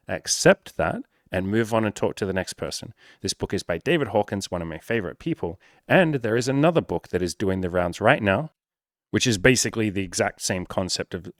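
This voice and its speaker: A man giving blunt, profane, energetic dating-coach advice in a casual talk straight to the camera. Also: lowish voice, no echo, studio quality.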